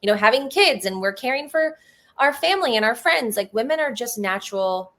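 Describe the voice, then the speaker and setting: A woman guest in a casual interview, talking in an earnest, emotional way and telling personal stories in a fast flow with many fillers. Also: on the high side, expressive, fairly bright tone.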